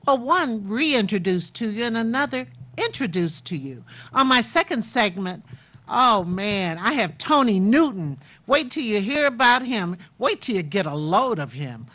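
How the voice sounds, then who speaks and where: A woman's voice: on the high side, big pitch swings, a little slow, a bit bright. An older woman hosting a chatty TV interview, effusive and repeating words for emphasis. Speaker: talk show host.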